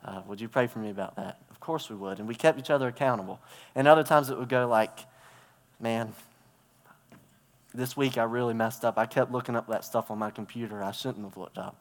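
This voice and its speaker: Speaking a little fast in a mid-range voice, a preacher gives a conversational church sermon in a reverberant hall. He tells stories along the way, acting out characters with gestures and props.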